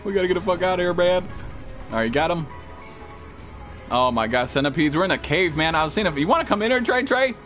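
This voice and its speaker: A young man streaming a survival game live, excitable and profane, yelping and shouting at enemies as he plays. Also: sits high, quick pace, pauses often. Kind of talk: live gaming commentary. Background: game music.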